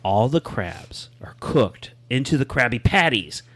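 A man co-hosting a comedic chat, spinning deadpan joke theories. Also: medium pitch, unhurried, husky. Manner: deadpan, conspiratorial joking. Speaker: podcast co-host.

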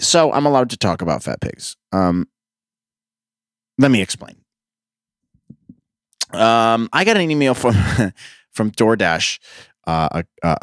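A young man hosts his podcast in a rambling, profane, self-mocking monologue. His pitch swings up and down as he tells sarcastic stories. The sound is dry and close. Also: no echo. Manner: sarcastic storyteller. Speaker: podcast host. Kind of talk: casual monologue.

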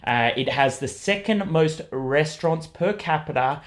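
A man with a fairly high speaking voice chats on a podcast, enthusiastically recommending restaurants. His delivery is relaxed and conversational, sprinkled with ums and repeated words. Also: unhurried. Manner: enthusiastic, gives recommendations with frequent ums and uhs. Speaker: podcast co-host recommending places to eat. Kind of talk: casual chat.

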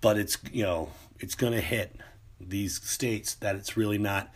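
Husky, slow-talking man ranting. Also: lowish voice, fairly even intonation. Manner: rambling, profane, with many restarts and fillers. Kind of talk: casual monologue rant.

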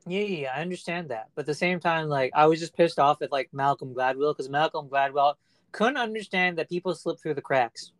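A man's voice: a little high, a little fast, fairly bright tone, no room sound. A man co-hosting a podcast in casual chat, heated and profane, talking animatedly. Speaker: podcast co-host.

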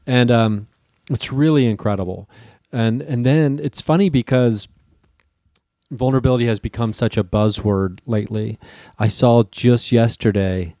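A man's voice: mid-range voice, normal speed, dark tone, no echo, clean studio sound. Easygoing man in casual chat. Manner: easygoing, explains with many fillers.

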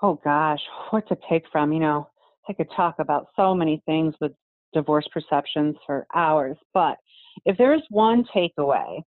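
A woman's voice: sits low, dry recording, narrow, tinny audio. Earnest woman guest on a thin line. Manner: earnest, fast-talking, self-deprecating. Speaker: podcast guest on divorce. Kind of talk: casual conversational interview.

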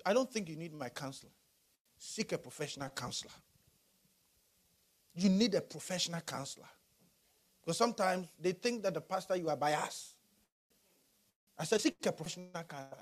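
A male pastor preaching a sermon, animated and rising to shouts. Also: high-pitched.

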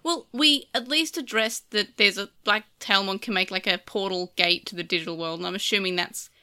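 Bright-voiced Australian woman chatting. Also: mid-range voice, brisk, clear, resonant tone. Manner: rambling, full of "like" fillers. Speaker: podcast host reading listener comments. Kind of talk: casual chat.

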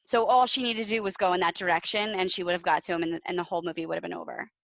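A woman's voice: lowish voice, fairly even intonation, rapid-fire, vocal fry, fairly bright tone, dry recording, rough recording. A woman co-hosting a podcast in casual chat, rambling, with lots of fillers. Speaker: podcast co-host.

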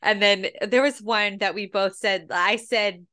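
A woman in her thirties co-hosting a podcast in casual chat, chatty and quick to laugh, with frequent fillers. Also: medium pitch, steady tone, sharp tone. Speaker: podcast co-host.

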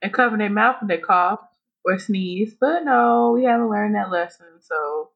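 A woman's voice: mid-range voice, normal speed, slightly rough. A woman co-hosting a podcast in casual chat, blunt and profane, laughing often. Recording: dull lo-fi recording.

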